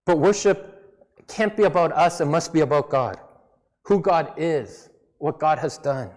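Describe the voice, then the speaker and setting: A man delivers a sermon in an easygoing, conversational manner, speaking English with a slight non-native accent. His voice sits a little high for a man. A long reverb from a church hall trails behind his words. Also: a little slow, a little mellow. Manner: conversational, self-deprecating preaching with mock voices. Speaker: pastor.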